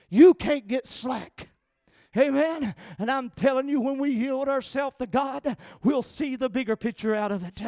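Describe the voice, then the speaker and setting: A man with a Southern accent preaching a sermon as pastor, emphatic and calling for amens, his voice rising at times into shouts. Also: very high voice, dry recording, studio quality.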